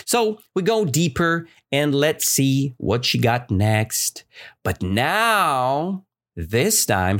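A woman, reading and explaining a story to learners, with a rising voice when she quotes the characters. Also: deep voice. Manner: slow, lively, rising voice for quoted lines. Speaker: teacher.

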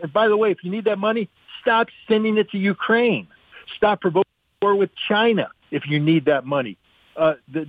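A man's voice: fairly high pitch, no echo. A man calling in as a guest analyst on a radio talk show, speaking bluntly and emphatically about arms control. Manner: blunt, emphatic, acts out quotes in mocking voices. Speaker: guest analyst, former weapons inspector. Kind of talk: radio call-in commentary. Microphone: phone line. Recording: tinny phone line, dry.

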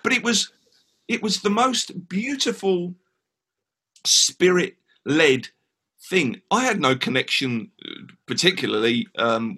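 An English man telling a story as a guest in a casual podcast interview, animated and full of restarts. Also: mid-range voice, slightly rough. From England. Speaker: guest musician.

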